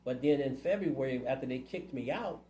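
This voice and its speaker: A man's voice: medium pitch, a little fast, warm tone, reverberant, a little hiss or hum, low-quality recording. A man running for city council, answering interview questions in a plainspoken, earnest way. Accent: Ohio. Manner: earnest, plainspoken, community-minded.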